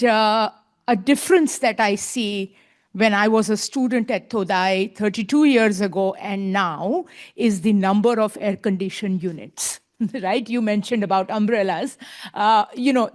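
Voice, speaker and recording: A woman speaking as a conference panelist, emphatic and repeating her points, often adding a questioning tag. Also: mid-range voice.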